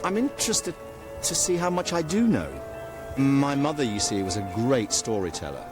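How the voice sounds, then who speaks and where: An older man from a small English town, telling family stories in an animated way that often trails off and restarts. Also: medium pitch, moderate pace, music in the background. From Ilkeston, England. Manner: animated storyteller, restarts and trails off when excited. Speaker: guest exploring his family history. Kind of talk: casual documentary conversation.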